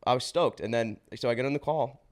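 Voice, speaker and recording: A man in his twenties, a podcast guest, telling his life story in a casual, slangy way with swearing and quick restarts. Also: mid-range voice. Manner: slangy and swearing, says bro and dude; fast run-on telling with restarts.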